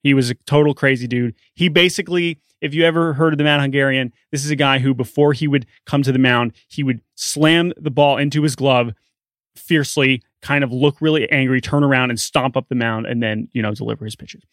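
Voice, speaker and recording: A man co-hosting a sports podcast, telling a story in an animated, chatty way. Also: medium pitch, fairly quick, no room sound. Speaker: podcast co-host. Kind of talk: casual sports podcast chat.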